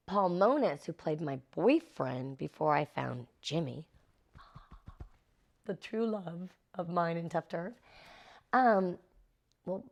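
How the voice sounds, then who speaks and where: A middle-aged actress being interviewed, animatedly telling stories and acting out the quotes. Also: female voice, fairly low pitch. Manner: animated, acts out quotes with laughs. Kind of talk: anecdotal interview storytelling.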